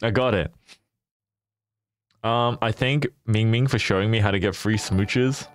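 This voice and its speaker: A man's voice: lowish voice, a little slow, smooth, no echo. A man chatting casually with his viewers as a livestreamer, playful and teasing, often laughing.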